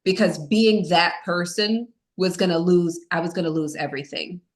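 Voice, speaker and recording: A woman's voice: on the low side, moderate pace. A woman as a podcast guest, telling a personal story in a candid, self-mocking way, with many fillers.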